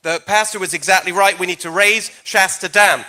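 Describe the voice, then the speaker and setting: Bright-voiced British man debating. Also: sits high, a little fast. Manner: energetic, jokey, emphatic. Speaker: candidate in a debate. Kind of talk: campaign debate answer.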